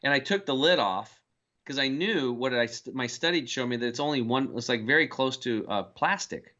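Lively bright-voiced man. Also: medium pitch. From United States. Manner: animated storyteller acting out quoted voices. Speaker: health guest. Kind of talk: casual interview chat. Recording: dull lo-fi sound.

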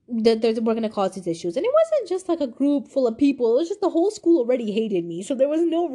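An eighteen-year-old woman hosting a podcast, telling a personal story in a confiding, animated way. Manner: animated, confiding, swings from high to low. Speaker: podcast host.

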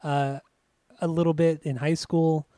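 A young man co-hosting a relaxed conversation, his voice sitting a little higher than most men's. He stumbles over hard names and laughs it off, keeping things easygoing. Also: measured pace, no echo, clean studio sound. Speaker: podcast co-host. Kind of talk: casual chat.

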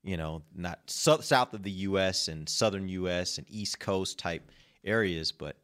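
A man's voice: sits low, expressive, measured pace, a bit bright. A man hosting a casual sports talk show, easygoing and teasing his co-hosts. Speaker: podcast host.

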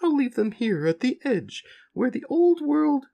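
A man voicing a giant, kindly floating cow head in a booming, high, sing-song voice for a comic read-aloud. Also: very animated, measured pace, vocal fry, warm tone, heavily acted. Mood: grandly kind.

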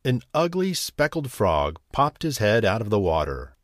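A male storyteller reads a bedtime fairy tale slowly and gently, his pitch rising and falling expressively. The recording is dry and close. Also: wildly swooping pitch, no room sound. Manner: slow, gentle reading. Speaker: storyteller host.

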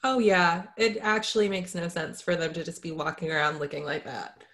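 A woman's voice: lowish voice, fairly even intonation, fairly bright tone. Woman guest laughing and cheering along. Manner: enthusiastic, quick to laugh and agree. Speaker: podcast guest. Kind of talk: casual chat.

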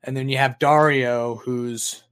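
A man hosting a casual podcast chat, talking in a halting way with frequent restarts and easy laughs. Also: mid-range voice, steady tone, fairly bright tone, clear, resonant tone. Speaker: podcast host.

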